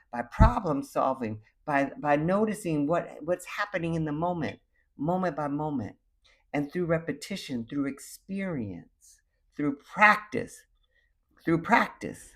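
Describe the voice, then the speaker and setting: A man giving a motivational message. He talks in an animated, emphatic way, repeats his key phrases and acts out quoted voices. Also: fairly high pitch, unhurried. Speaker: motivational speaker.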